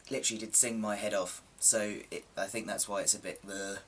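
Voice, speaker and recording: A man talks casually to his camera in a lowish voice that sounds slightly coarse and sore. He rambles along, self-deprecating, with lots of ums. The mic sits a little distant, with faint background hiss. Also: steady tone, brisk. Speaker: vlogger.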